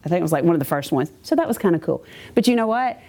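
A woman's voice: on the low side, very fast. A woman giving a chatty personal testimony to a church congregation, with many asides. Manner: chatty, animated storytelling with asides.

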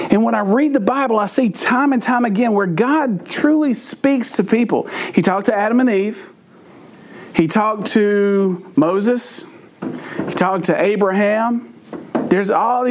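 A man's voice: high voice, a little mellow. A middle-aged man preaching a humorous sermon, telling folksy stories with playful asides.

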